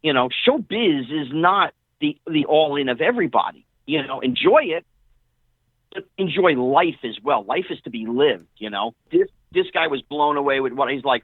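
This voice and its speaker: A middle-aged man, a guest on an interview show, telling casual stories in an animated way and acting out what other people said. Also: on the high side, normal speed, no room sound. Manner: animated storyteller who acts out quoted dialogue. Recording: tinny phone-line audio, dry.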